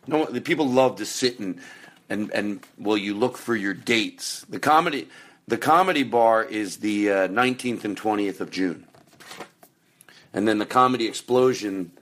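A man hosting a podcast, rambling casually through plans and announcements, now and then erupting into loud profane rants. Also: medium pitch. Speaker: podcast host.

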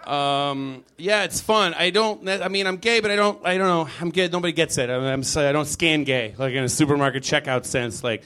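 A man doing a stand-up comedy set, animated and quick to jump into loud put-on voices. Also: fairly high pitch, a little hiss or hum. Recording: live crowd laughing in the room. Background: audience laughter.

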